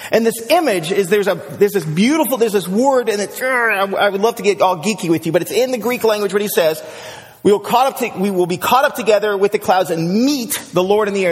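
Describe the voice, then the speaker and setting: A male pastor preaching a sermon, who tells the story with lively energy and then drops to a hushed prayer. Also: high-pitched, in a large hall. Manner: animated storyteller, swings from excited shouts to hushed prayer.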